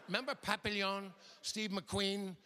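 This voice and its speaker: An older man doing a stand-up routine on a theater stage, animated and slipping into quick impressions of other people. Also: high voice, slight background noise. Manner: animated, mimics characters in quick asides. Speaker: stand-up comedian. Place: theater stage before a live audience.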